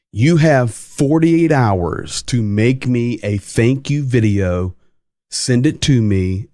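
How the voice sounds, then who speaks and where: A man's voice: on the low side, mellow, no room sound, studio quality. A man hosting a casual livestream, chatting and reading viewer comments aloud with emphasis. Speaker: livestream host.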